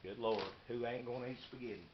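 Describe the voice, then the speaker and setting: A man's voice: medium pitch, steady tone. A man, rambling casually and hurrying through his unboxing vlog. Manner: folksy, rambling, hurried. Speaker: YouTuber showing knives and meal kits. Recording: muffled lo-fi camera audio with noise.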